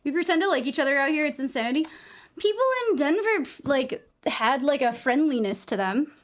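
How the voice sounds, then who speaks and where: A woman's voice: high voice, expressive, brisk. A young woman with a New England accent chatting casually while gaming on a live stream, rambling, saying "like" a lot and swearing freely.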